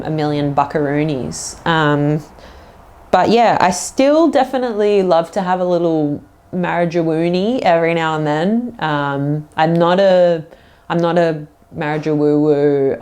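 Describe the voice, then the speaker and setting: A woman with a notably low voice chats alone on her casual podcast. She rambles freely, leans on "like" and "um", and drifts into playful little accents as she talks. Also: a little mellow, clear, resonant tone. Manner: rambling, fills talk with "like" and "um"; slips into playful put-on accents. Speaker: podcast host. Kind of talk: casual solo podcast chat.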